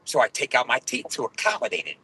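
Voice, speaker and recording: Dude cussing up a storm in his car, bright husky voice. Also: medium pitch, very animated, fast, rough recording. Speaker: vlogger. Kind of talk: profane ranting vlog.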